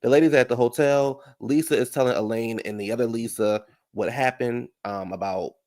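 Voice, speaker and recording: A man giving a sassy, gossipy casual recap of a reality show, talking back at the cast with a gravelly voice. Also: mid-range voice, normal speed, a little mellow, no echo, clean studio sound.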